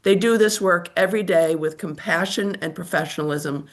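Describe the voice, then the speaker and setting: Older woman with a scratchy voice. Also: lowish voice. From United States. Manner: formal, measured reading of a statement. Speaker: testifying witness. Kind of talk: prepared testimony over a video call. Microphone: remote call microphone.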